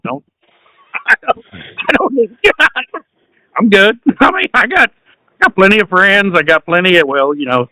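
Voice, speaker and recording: A man hosts a casual podcast, easygoing and quick to laugh, with plenty of swearing. His voice sits high and bright, recorded dry with no room sound. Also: big pitch swings, no echo, rough recording. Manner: laid-back, laughs often, swears. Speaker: podcast host. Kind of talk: casual chat.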